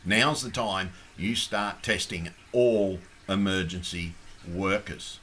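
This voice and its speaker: A man's voice: low-pitched, fairly even intonation, slow pace, sharp tone, a little hiss or hum. Insistent middle-aged man making demands. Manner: insistent, repeats demands with emphasis. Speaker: activist. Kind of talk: impassioned appeal to camera.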